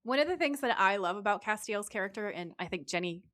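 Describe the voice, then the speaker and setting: Woman podcast co-host, eager rambling fan chat, even pitch, dry close mic. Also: quick pace, dry recording. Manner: enthusiastic, rambling with fillers. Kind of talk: casual chat.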